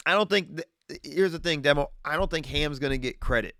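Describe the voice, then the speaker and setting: A man's voice: a little high, fairly quick, bright, forceful tone, no room sound, clean studio sound. A man hosting a live streamed sports show from his garage, talking betting picks in a loose, rambling way, often restarting his sentences. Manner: rambling, self-correcting, chatty. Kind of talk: casual sports betting talk. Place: home garage with wood paneling. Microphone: streaming setup, green screen.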